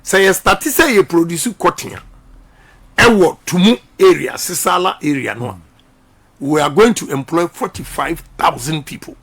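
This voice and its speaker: A man's voice: a little high, lively intonation, moderate pace, vocal fry, fairly bright tone, husky. A middle-aged Ghanaian man speaking emphatically in a radio interview, repeating his points like a preacher. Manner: repetitive, emphatic, preaching-style delivery. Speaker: politician.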